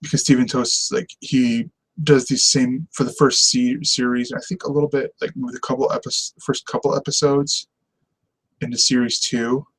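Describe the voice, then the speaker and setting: A man's voice: mid-range voice, level tone, moderate pace, a bit bright, husky, poor audio. A man hosting a casual TV review show, talking in an enthusiastic, rambling way and laughing often. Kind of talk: casual on-camera review chat.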